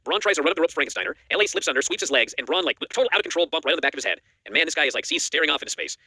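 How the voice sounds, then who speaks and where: A man's voice: a little high, husky, no echo. A man co-hosting a wrestling news show, recapping matches in a casual chat and acting out the quotes. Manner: rapid animated recap, acts out quotes.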